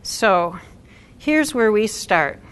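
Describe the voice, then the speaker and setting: A woman's voice: mid-range voice, animated, very slow, a bit bright, clear, resonant tone. A middle-aged woman giving a talk to an audience at a support event, conversational and asking the room questions.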